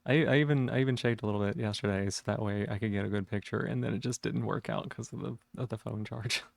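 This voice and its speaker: A man's voice: on the low side, steady tone, quick pace, gravelly, no echo. Rambling male streamer, dry sound. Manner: rambling, chatty, with many fillers and restarts. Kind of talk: casual live-stream chat.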